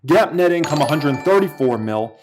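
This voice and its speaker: Male streamer, slightly high voice, wildly animated, yelling and cursing with excitement. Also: normal speed, soft background music. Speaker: livestream host reacting to stock news. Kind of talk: excited livestream reaction.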